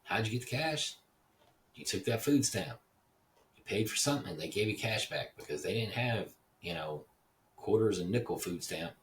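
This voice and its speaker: A man's voice: on the low side, lively intonation, normal speed, recorded from a distance, slight background noise. A man from Dallas, Texas, hosting a casual, rambling monologue, digressive and swearing casually. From Dallas, Texas (Oak Cliff). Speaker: podcast host.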